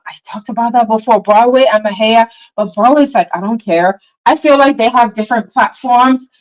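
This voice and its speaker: A woman's voice: a little high, no room sound, poor audio. A woman hosting a casual livestream, talking through drama with her chat in a rambling way, sometimes dropping to a near whisper. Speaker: livestream host. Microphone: phone.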